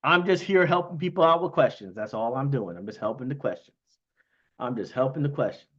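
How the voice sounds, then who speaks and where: Excitable man on a lo-fi livestream. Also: medium pitch, a little fast. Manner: excitable, talks in bursts with frequent "you know what I mean". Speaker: livestream host thanking investors. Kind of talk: casual livestream chat.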